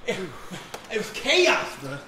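A breathless man with a very high voice rattles off a frantic, laughing story. His voice rings around an echoey room. A loud crowd chatters behind him. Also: wildly swooping pitch, measured pace. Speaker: comedian. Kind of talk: comedy sketch.

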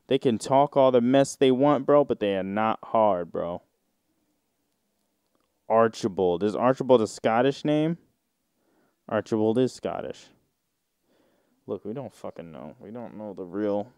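A man hosting a casual solo podcast, reading search results aloud and riffing on them in a rambling, drawn-out way with sudden mocking outbursts. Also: on the low side, mellow, clean tone, no echo, studio quality. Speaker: podcast host.

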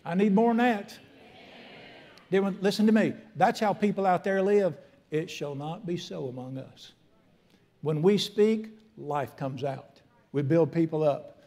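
A man's voice: high voice, measured pace, warm tone. A middle-aged man, preaching a folksy, emphatic sermon as a pastor in a church. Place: church sanctuary.

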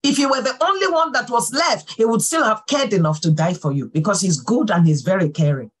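A woman pastor giving a sermon, fervent and full of praise exclamations, swinging from soft talk to calling out. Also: mid-range voice, animated, brisk, breathy edge, low-quality recording.

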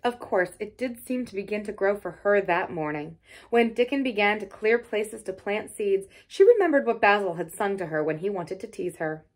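Woman calmly narrating a children's classic. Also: mid-range voice, moderate pace. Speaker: storybook reader. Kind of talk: storybook narration.

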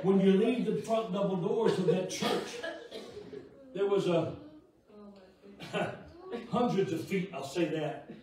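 A man preaching a sermon in a church sanctuary, telling a story with lively energy and laughing as he goes. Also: fairly high pitch. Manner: animated storyteller, often laughing while telling. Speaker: guest preacher. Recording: echoey church room, mic at a distance, audience. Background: congregation laughing.

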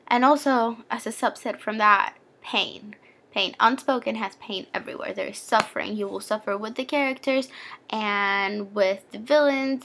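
Young woman, book vlogger, chatty fangirl, slightly high voice, gravelly fry. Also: a bit bright. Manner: gushing, chatty fangirl with playful asides. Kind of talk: casual book recommendation vlog.

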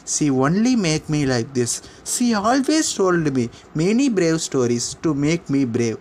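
A man's voice: on the high side, big pitch swings, measured pace, a little mellow, slight background noise. A man voicing an earnest boy who apologizes and recounts his lonely school days. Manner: plain, earnest storytelling voice. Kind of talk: storybook drama.

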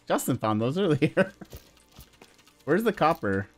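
Playful, lively-voiced gaming host. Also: male voice, fairly high pitch, takes it slowly. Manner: laughs often, playful and teasing. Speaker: let's play host. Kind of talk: casual multiplayer game chat.

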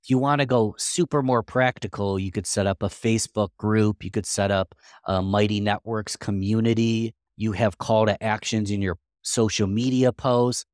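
A man's voice: on the low side, steady tone, moderate pace, hardly any pauses, a little mellow, no room sound, clean studio sound. A man guest on a podcast interview, answering in an earnest, practical way and thinking aloud.

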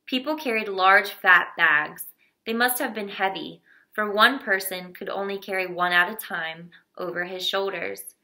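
A woman narrating a children's novel in a steady, expressive reading voice. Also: mid-range voice, unhurried. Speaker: audiobook reader.

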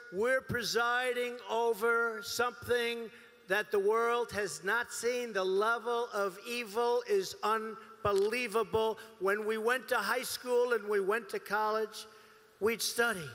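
A man's voice: high-pitched, a bit bright. A man giving a campaign rally speech, emphatic and repetitive in his phrasing, at a large venue. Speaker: political candidate. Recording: long reverb of a large hall.

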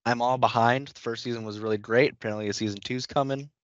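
A man's voice: mid-range voice, steady tone, fast talker, dry recording, lo-fi sound. Laid-back podcast co-host man. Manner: laid-back, agreeable, trails off mid-thought. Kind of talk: casual chat.

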